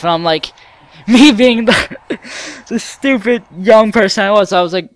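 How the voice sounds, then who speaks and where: A man's voice: high-pitched, measured pace, long pauses, dry recording. Rambling young man telling stories. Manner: rambling, animated, acts out the people in his stories. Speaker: let's play host. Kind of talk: casual storytelling over gameplay.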